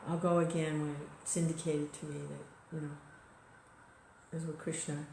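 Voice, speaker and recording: A woman's voice: deep voice, level tone, normal speed, gravelly, dark tone, slight background noise. A woman giving an informal devotional talk in a conversational way, full of "you know" and small restarts. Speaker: devotional speaker. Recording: echoey room recording.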